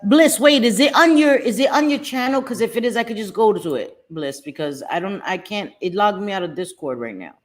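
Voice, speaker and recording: A woman's voice: mid-range voice, expressive, brisk, few pauses. A middle-aged woman hosting a casual livestream from her home, talking to viewers by name and cursing freely. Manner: chatty, swears freely, talks to viewers by name. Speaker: livestream host.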